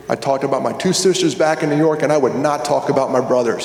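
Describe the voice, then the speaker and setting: Man, fairly high voice, conference talk, casual and joking, echoey hall with long reverb. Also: quick pace, few pauses, a little mellow. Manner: conversational, jokey, asks the audience questions. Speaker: conference speaker. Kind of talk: storytelling keynote talk. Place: large hall with an audience.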